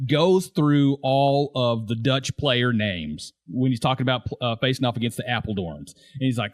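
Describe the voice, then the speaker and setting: His medium-pitched voice has lively intonation and a moderate pace, recorded clean in a studio with no room sound. He's a podcast co-host in a casual TV-show discussion, frequently laughing as he revisits favorite scenes and voices quoted dialogue.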